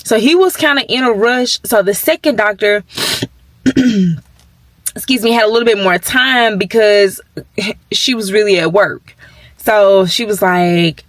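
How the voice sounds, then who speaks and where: A woman's voice: medium pitch, unhurried, pauses often, no room sound. Emotional woman vlogging in a dry room. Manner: emotional, talks straight to viewers. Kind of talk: casual vlog update. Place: at her workplace.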